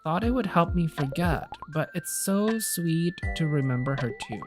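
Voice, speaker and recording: A woman voicing a fragile, overwhelmed young person in grief, with a pleading, tearful delivery. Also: low-pitched.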